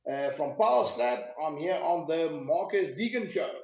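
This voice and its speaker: A man's voice: a little high, lively intonation, moderate pace, very noisy. A man with a South African accent, a slap fighter as an interview guest, talking bluntly and joking over a video call. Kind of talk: casual interview. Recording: echoey dull video call audio.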